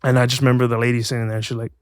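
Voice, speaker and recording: Animated man telling a story. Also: medium pitch, rapid-fire, dry recording, studio quality. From Hawaii. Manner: animated, acts out voices in his stories. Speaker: guest actor. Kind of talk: casual storytelling.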